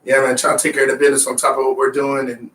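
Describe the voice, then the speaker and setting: A man co-hosting a radio show, upbeat and excitable, bantering and laughing with his partner. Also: medium pitch, racing, roomy sound, recorded from a distance, a little hiss or hum. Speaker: radio DJ and co-host. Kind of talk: casual on-air banter.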